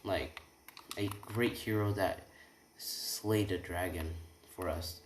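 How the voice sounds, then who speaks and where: A young man voicing a gentle, kindly older male shopkeeper explaining things in an improvised story. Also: low voice, slow, echoey room, a little hiss or hum.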